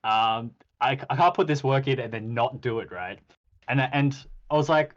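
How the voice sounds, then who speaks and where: A podcast host reviewing a game chats casually in a game recap, his voice at an ordinary middle pitch and normal speed. He tells stories in an animated way, acting out quoted exchanges, with frequent ums and restarts. The audio is a little dull and lo-fi.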